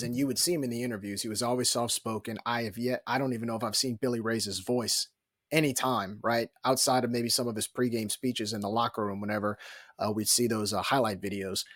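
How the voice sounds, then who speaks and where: A man co-hosting a casual postgame podcast, telling a story in an animated way. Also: medium pitch, no echo, clean studio sound.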